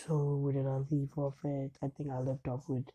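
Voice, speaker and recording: A man talks through a homemade story in an easygoing, meandering way. His voice is very dark and mellow, with a husky edge. His pitch sits in a middle range for a man. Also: completely flat delivery, normal speed, highs cut off. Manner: rambling, loose retelling. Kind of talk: casual fan-fiction retelling.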